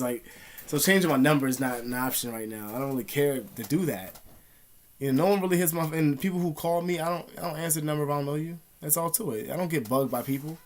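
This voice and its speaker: A young man casually telling a personal story to camera, heavy on slang, swearing and fillers. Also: on the high side. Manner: profane and slangy, with many fillers. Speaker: vlogger.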